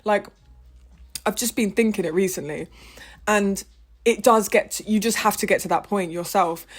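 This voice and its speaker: A young woman gives a heated, emphatic personal monologue, swearing freely as she talks. Her voice sits at an ordinary middle pitch but swings often from loud and high to quiet and low. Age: 20s. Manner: impassioned, with big swings in pitch and loudness. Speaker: vlogger.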